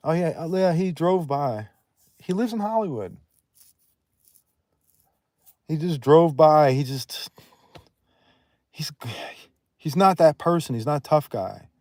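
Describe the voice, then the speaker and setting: A man talking casually on a livestream, blunt and profane, rambling and quick to raise his voice. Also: on the high side, lively intonation, a little mellow, dry recording, studio quality. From Northeast United States.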